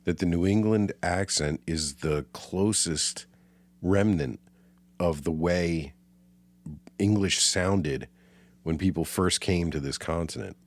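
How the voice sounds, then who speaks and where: A man's voice: low voice, slow pace. A man co-hosting a casual movie chat, swearing freely and laughing often. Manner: profane, laid-back, laughs often. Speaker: podcast co-host.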